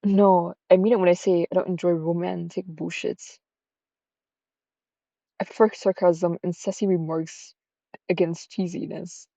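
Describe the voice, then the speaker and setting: A woman's voice: on the low side, little pitch movement, unhurried, gravelly, long pauses, warm tone, dry recording, dull audio. A woman voicing a sarcastic, proud young noblewoman of twenty-two, who talks in a cool, dismissive way. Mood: cool defiant.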